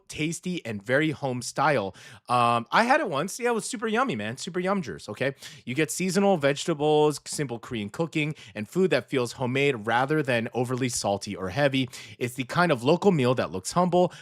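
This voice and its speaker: A male radio host talking casually, chatty and relaxed, often tagging his sentences with "okay?". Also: on the high side, dry recording, clean studio sound. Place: radio studio.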